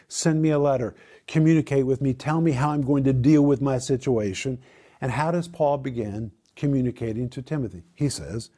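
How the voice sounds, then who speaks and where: A man preaching a sermon, addressing listeners as his friends with dramatic swings in pitch. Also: expressive, normal speed, dark tone, husky.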